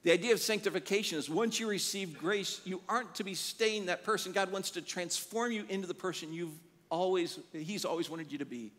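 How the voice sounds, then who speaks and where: A man preaching a sermon as pastor, telling animated stories and acting out the quotes in them. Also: high-pitched, a little fast, long reverb tail. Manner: animated storytelling with acted-out quotes. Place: church sanctuary.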